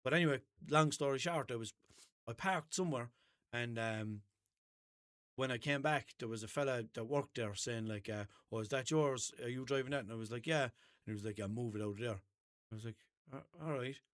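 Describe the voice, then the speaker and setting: Here the Irish podcast host talks a little fast at medium pitch, his tone fairly bright and studio quality, with no room sound in the indoor space. He chats casually, wandering through stories and acting out each side of his arguments.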